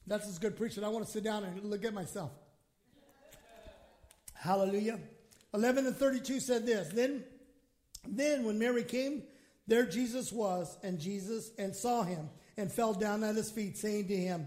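A male pastor giving an impassioned sermon, moving between hushed reading and shouted points and acting out prayers. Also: sits high, moderate pace. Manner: acts out quoted prayers in his own voice.

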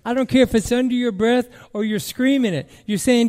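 A man preaching a sermon as pastor, emphatic and repetitive, moving between loud declarations and quiet musing. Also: extremely high pitch, steady tone, moderate pace, few pauses.

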